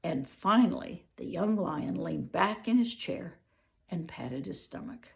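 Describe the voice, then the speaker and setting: Grandma reading a picture book, unhurried with a gravelly edge. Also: female voice, on the low side, lively intonation, a little mellow. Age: older. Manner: playful asides to the listener. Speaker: storyteller reading to children. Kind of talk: reading a children's book aloud.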